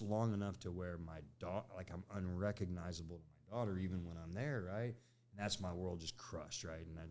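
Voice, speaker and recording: A man's voice: sits low, a little mellow. A middle-aged man on a podcast, telling a candid personal story in a conversational way, often tagging lines with "right?" and "you know". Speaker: podcast guest.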